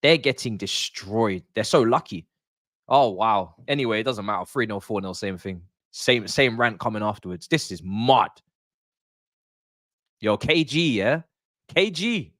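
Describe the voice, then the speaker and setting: A man's voice: fairly low pitch, animated, measured pace, fairly bright tone, dry recording, studio quality. A young man hosting a live football watch-along, ranting in exasperation and slang.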